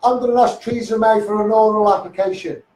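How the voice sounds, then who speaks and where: This combative Liverpool campaigner speaks fast on an angry Facebook Live rant, his high, warm voice keeping fairly even intonation. Far from the mic and echoey, he bluntly swears at officials and addresses them directly.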